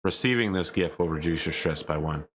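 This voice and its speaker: A man running a tabletop game who describes scenes casually. His voice is low-pitched yet bright. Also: fairly quick. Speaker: game master.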